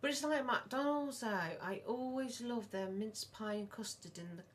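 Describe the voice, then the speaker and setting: A middle-aged woman, co-hosting a casual podcast and telling long, animated stories. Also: fairly high pitch, a little slow, a little hiss or hum. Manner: rambling, animated storyteller. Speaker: podcast co-host, mother of the other host. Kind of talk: casual chat.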